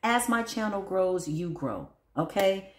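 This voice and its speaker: Lively tarot-reading woman, laughs a lot, voice bounces all over, roomy echo. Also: measured pace. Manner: animated, laughing often, big pitch swings, talks to spirit and viewers. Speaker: tarot reader.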